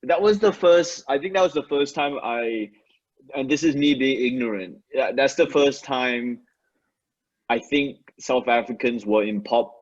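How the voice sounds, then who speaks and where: A man guest comedian in a casual interview chat, relaxed and hesitant, laughing often. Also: medium pitch, a little slow. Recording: dull lo-fi sound.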